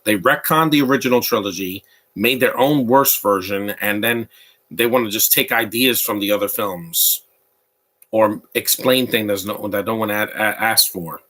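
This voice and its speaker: A live watch-along commentator with a fairly low voice offers casual commentary on a movie at normal speed. His tone is bright and forceful, and he rambles and gives opinions while answering his chat.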